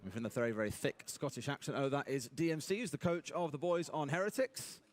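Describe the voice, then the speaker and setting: A man casting a live esports match, explaining tactics briskly and analytically. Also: fairly high pitch, dry recording. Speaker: esports caster. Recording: broadcast audio with noisy background.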